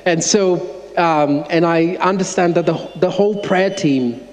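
A man, an associate pastor, preaching by telling an animated, self-mocking story to his congregation. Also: sits high, takes it slowly. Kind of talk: sermon storytelling. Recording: long church-hall reverb.

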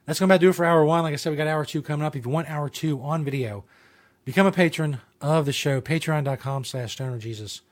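A man's voice: fairly high pitch, quick pace. Guy hosting his own show, rambling and swearing, lots of ums and restarts. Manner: rambling, profane, with many fillers and restarts. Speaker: show host. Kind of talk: casual podcast monologue.

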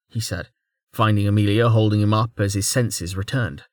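A man narrating a fantasy audiobook with expressive storytelling. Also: fairly low pitch, moderate pace, no room sound, studio quality. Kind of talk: scripted narration.

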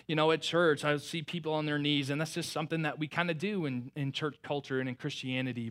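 Earnest pastor preaching. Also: male voice, fairly high pitch. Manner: earnest, restarts often, swells with emotion then drops soft. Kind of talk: sermon.

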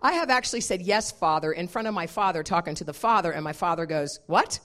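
A woman minister preaches a sermon in a lively, storytelling manner. Her pitch swings widely as she acts out the scenes, and she laughs often between lines. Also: quick pace.

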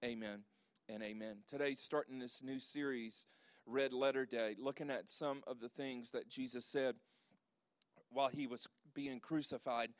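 A man's voice: medium pitch, steady tone, moderate pace, dry recording, studio quality. A man preaching a sermon as pastor, reading scripture emphatically and leading a prayer.

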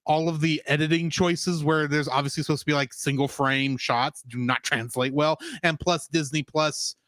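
A man's voice: on the high side, moderate pace, no echo. A man co-hosting a podcast in casual chat, ranting at length. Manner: ranting, animated. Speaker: podcast co-host.

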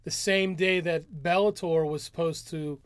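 A man co-hosting a podcast, relaxed and rambling a bit as he explains news. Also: fairly high pitch, measured pace, clear, resonant tone, no echo. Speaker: podcast co-host. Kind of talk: casual podcast chat.

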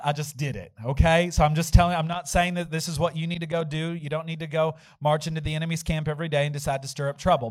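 A male pastor preaching a sermon, telling a story and acting out the quotes with sudden shouts. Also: fairly high pitch, no room sound, low-quality recording.

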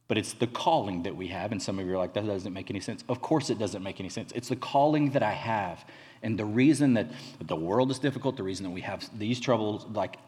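A man, a college pastor, giving a conversational sermon full of fillers and restarts. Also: medium pitch. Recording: reverberant hall.

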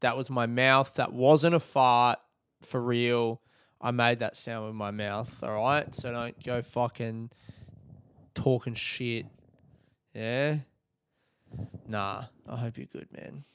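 A man's voice: medium pitch, fairly even intonation, slow pace, long pauses, clear, resonant tone, no room sound, clean studio sound. A young Australian man hosting his own podcast, chatting casually in a rambling, laid-back way with plenty of swearing. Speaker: podcast host. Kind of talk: casual solo podcast chat.

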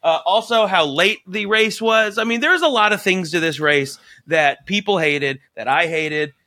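A man co-hosting a casual podcast chat, talking excitedly and swearing freely as he rambles through fillers. His voice sits a bit high and sounds bright and tense. The sound is dry and close. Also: normal speed, no room sound. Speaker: podcast co-host.

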